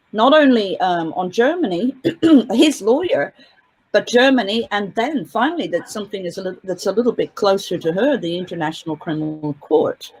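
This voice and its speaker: A woman of middling pitch talks through an interview as a guest commentator. She winds through long, complex sentences, restarting and hedging with frequent fillers as she gathers her thoughts. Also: breathy edge, rough recording. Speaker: guest commentator on a court case. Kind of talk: casual interview talk.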